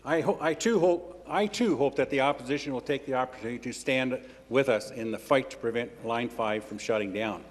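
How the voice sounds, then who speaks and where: A man's voice: medium pitch, a little fast, few pauses. A man in a legislature reading a formal prepared question to a minister. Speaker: member of the legislature. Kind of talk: parliamentary question. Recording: reverberant legislative chamber.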